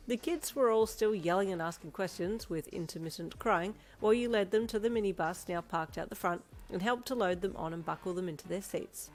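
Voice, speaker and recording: A woman narrating a second-person fan fiction story in an expressive storytelling manner. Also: mid-range voice, fairly quick, hardly any pauses.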